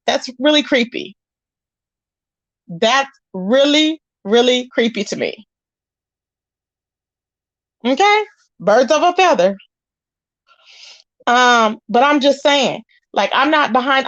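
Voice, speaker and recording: Here a woman with a high-pitched voice chats casually on a live stream, sassily reading messages from chat and calling people "child" and "honey." The audio is dry and lo-fi, dull, with no echo.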